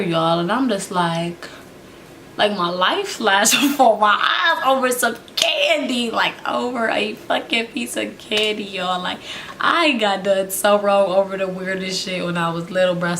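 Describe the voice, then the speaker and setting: A young woman vlogger, telling a casual storytime to viewers, animated and laughing often. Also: on the low side, slight background noise.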